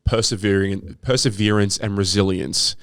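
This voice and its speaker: A man's voice: fairly low pitch, fairly even intonation, normal speed, dry recording, studio quality. A young Australian man co-hosting a casual podcast, joking and swearing freely. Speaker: podcast co-host. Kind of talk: casual chat.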